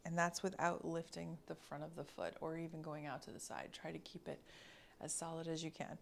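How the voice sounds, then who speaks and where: A woman instructor guiding a mobility class, cueing each movement calmly and counting down slowly. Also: deep voice, creaky, slight background noise. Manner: slow, calm cueing with counted breaths. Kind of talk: guided exercise class.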